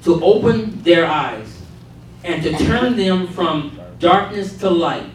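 Male preacher, high voice, call-and-response sermon in a very echoey church, mic set back, faint room hum. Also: animated, slow pace, distant mic.

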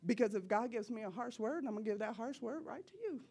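Speaking fast with lively intonation, a woman gives a slangy, emphatic testimony sermon in church, laughing frequently between her lines. Her voice is a little high, mellow, with a breathy edge.

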